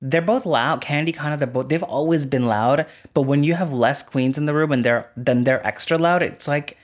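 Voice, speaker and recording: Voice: medium pitch, moderate pace. A drag queen and former contestant speaking as a podcast guest, candid and blunt and swearing freely as stories are told. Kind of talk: casual podcast chat.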